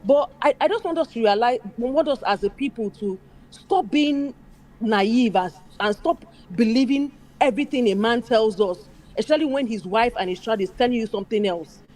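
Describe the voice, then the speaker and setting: A woman's voice: fairly high pitch, expressive, moderate pace, darkish tone. A woman speaking emphatically in casual chat, mimicking other people's voices as she makes her points. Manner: emphatic, acts out quoted people.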